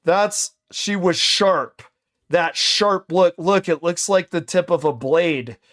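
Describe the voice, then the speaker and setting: A male streamer reacting to a video in casual chat. He is slangy, keeps saying "dude" and thinks out loud. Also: sits high, takes it slowly.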